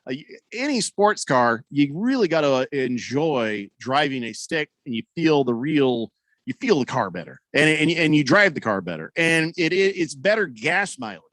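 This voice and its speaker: A man's voice: a little high, very animated, moderate pace, a bit bright, no room sound. A man hosting a sports radio show, chatting casually and reading listener messages in a rambling, wry way. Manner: rambling, self-correcting, wry. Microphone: studio broadcast mic.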